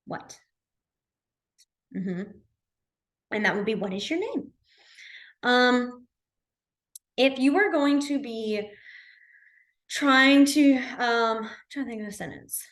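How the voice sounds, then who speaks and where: A slightly high, somewhat bright female voice runs a beginner sign language class in a library. She keeps things chatty and loose, using lots of fillers and correcting herself often.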